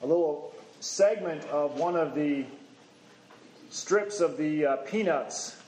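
Man, preacher, high voice, halting with fillers, echoey room. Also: darkish tone, a little hiss or hum. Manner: conversational, halting with fillers, rising for emphasis. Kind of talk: sermon.

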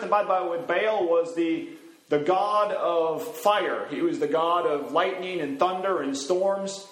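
A man's voice: on the high side, measured pace. A man in the role of pastor giving a sermon, teaching from the Bible in a conversational way with frequent fillers. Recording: roomy echo.

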